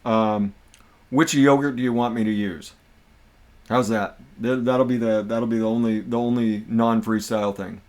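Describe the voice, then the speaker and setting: A man with a fairly low voice hosting a laid-back livestream. He talks in a relaxed, chatty way and tosses in jokes as he goes. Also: moderate pace. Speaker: livestream host. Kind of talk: casual livestream chat.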